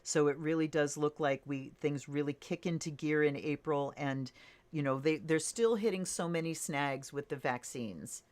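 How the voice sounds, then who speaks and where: A woman doing a casual tarot reading, thinking aloud in a relaxed way with fillers and soft laughs. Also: sits low, moderate pace. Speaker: tarot reader.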